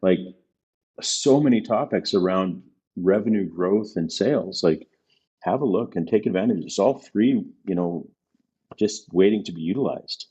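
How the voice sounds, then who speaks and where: A man's voice: low voice, lively intonation, moderate pace, mellow, husky, dull audio. A male business consultant speaking as a podcast guest, making his points emphatically and repeating them for stress. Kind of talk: casual conversational interview.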